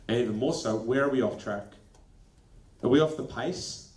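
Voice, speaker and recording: A man presenting a lively workshop to school leaders, animated and acting out quick snippets of dialogue. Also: mid-range voice. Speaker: education consultant presenting a workshop. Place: training venue. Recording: echoey room.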